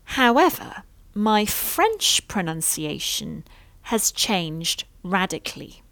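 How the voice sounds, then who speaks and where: A woman's voice: medium pitch, expressive, slow pace, no echo. A woman with a British received pronunciation accent, an accent coach talking thoughtfully to camera with precise diction. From Britain. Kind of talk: reflective talk to camera.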